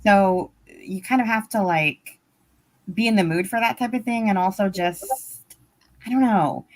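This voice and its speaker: A woman joins a book chat over a laptop call, her voice at an ordinary middle pitch. She talks frankly and conversationally, often saying "like" as she goes. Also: unhurried. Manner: frank, conversational, with many likes. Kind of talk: casual chat. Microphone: laptop mic on a video call.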